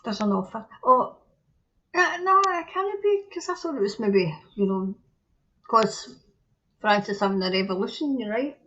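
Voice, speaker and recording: A woman's voice: fairly high pitch, animated, normal speed, fairly bright tone. A Scottish woman doing a casual live tarot reading, chatty and rambling, often laughing at herself. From Scotland. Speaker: tarot reader. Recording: dull lo-fi audio.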